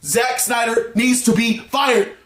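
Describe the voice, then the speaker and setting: A man giving a heated, exasperated movie review rant, laughing often and bursting into shouts. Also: very high voice, takes it slowly, roomy sound. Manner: animated, exasperated ranting with frequent laughs and sudden shouts.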